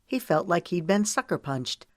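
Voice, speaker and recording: A woman narrating a romance audiobook in a measured, even storytelling manner. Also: lowish voice, no room sound, studio quality.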